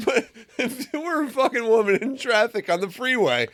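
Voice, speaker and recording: A man's voice: extremely high pitch, animated, moderate pace, a bit bright, no room sound. A man co-hosting a podcast, teasing his friend insistently with plenty of swearing. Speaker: podcast co-host. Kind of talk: crude joking banter.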